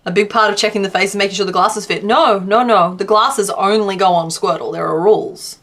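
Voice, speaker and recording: A woman's voice: medium pitch, fairly even intonation, fairly quick, fairly bright tone. Chatty Australian woman crochet streamer. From Western Australia. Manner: chatty, laughs often, answers chat. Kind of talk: casual live-stream chat while crocheting.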